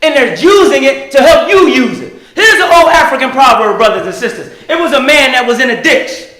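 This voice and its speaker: A man preaching a sermon, often shouting and asking the crowd "is that right?" to get answers. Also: very high-pitched, lively intonation, fairly quick, reverberant, poor audio. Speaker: minister.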